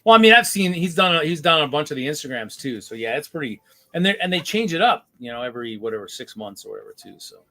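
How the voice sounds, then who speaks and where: A man's voice: a little high, very animated, fast, sharp tone. A man hosting a casual live-stream chat, rambling and often restarting his sentences. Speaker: host.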